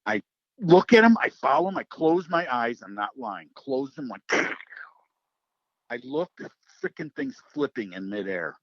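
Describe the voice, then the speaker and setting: A middle-aged man from Wisconsin telling a hunting story in casual chat, animated and swearing, acting out what people said. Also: mid-range voice, a little slow, dry recording. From Wisconsin, United States. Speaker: podcast host. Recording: slightly muffled, dry.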